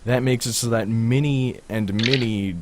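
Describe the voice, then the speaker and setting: A man's voice: mid-range voice, measured pace, noisy background. A man co-hosting a podcast, explaining game mechanics in a chatty, rambling way. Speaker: podcast co-host. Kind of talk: casual gaming chat.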